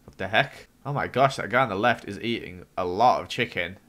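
A young man narrates his gaming session in a bright, forward voice. He reacts jumpily, gasping and yelping into high squeals whenever something scares him, then settles back into quick, chatty commentary. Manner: jumpy, squeals and gasps when startled. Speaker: gaming YouTuber. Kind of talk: excitable let's-play commentary.

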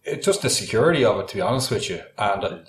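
A man in his forties with an Irish accent, chatting as a podcast guest and telling lively stories full of "like" and "you know". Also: on the low side, fast talker, roomy sound, slight background noise. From Ireland. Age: 40s. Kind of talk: casual anecdote-telling in conversation.

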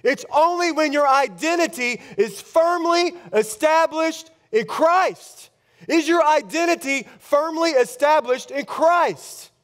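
High-voiced preaching man. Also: animated, a bit bright. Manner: emphatic preaching, rapid-fire declarations with rising intensity. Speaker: pastor. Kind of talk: sermon. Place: church.

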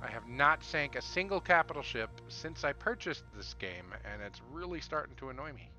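A man's voice: mid-range voice, expressive, moderate pace, soft background music. A man streaming a game, eagerly commenting, asking viewers for input, and calling out naval orders. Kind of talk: live gameplay commentary. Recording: game sounds loud behind the voice.

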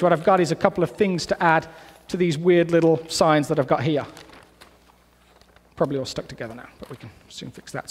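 A man preaching a sermon in a relaxed, conversational way, full of asides and restarts. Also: high voice, slightly rough, long reverb tail. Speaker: pastor. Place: church sanctuary.

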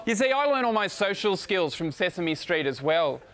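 A young Australian man doing a stand-up routine on stage, with dry, deadpan jokes. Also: high-pitched, normal speed, background noise. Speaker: stand-up comedian. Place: comedy stage before a live crowd.

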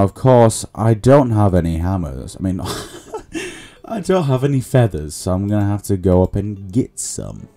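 Low, mellow-voiced man narrating his gameplay. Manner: muttering running commentary to himself and viewers. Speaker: gaming channel host. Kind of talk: casual let's-play commentary.

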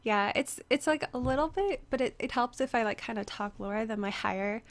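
Over a headset, a young woman with a voice on the high side talks a little fast as she streams a game and chats casually with viewers. She greets people by name, filling her speech with fillers, and her voice sounds strained from the previous day's screaming.

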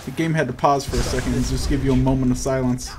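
A man's voice: medium pitch, steady tone, fast talker. Profane joking young man playing a game. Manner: profane, joking, easily frustrated. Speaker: gaming video host. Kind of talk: casual gameplay commentary. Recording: audible background noise.

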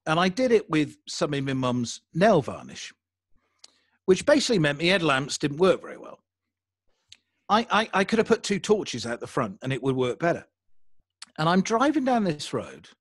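Lively English man telling a story. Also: a little high, dry recording, studio quality. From England. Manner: animated, self-deprecating storyteller. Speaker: podcaster guest. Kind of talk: casual storytelling interview.

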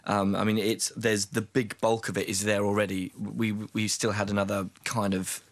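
A man chatting as a guest in a radio studio interview, self-deprecating and quick to laugh. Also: on the low side, little pitch movement, no echo. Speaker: singer and actor, guest. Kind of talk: casual radio interview chat.

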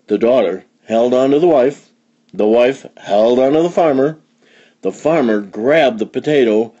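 A man reading a picture book aloud for young learners, animated, with big jumps in pitch for emphasis. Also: a little slow, breathy edge, muffled recording. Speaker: storybook reader.

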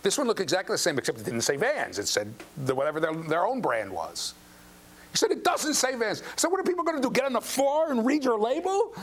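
The older professor here has a high-pitched voice and talks fast, animatedly telling stories and performing quotes for his class. He often asks the students questions; the lecture hall recording carries a faint background noise and hum.

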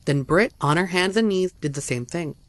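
A man's voice: on the high side, normal speed, fairly bright tone, no echo. A man reading a first-person horror story aloud as a narrator, tense and dramatic.

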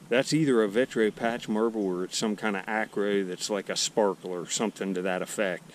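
A man vlogging while he digs for old bottles at a dump in the woods, out of breath, excitedly marveling aloud at what he finds. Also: lowish voice, fairly quick, few pauses. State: out of breath in the heat. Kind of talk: casual narration while digging. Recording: outdoor ambience noise.

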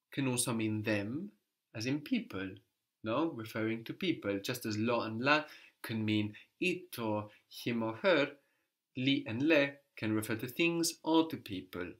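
A man's voice: medium pitch, lively intonation, measured pace. Patient male language teacher. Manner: patient, prompting questions, repeats answers. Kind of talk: guided language lesson.

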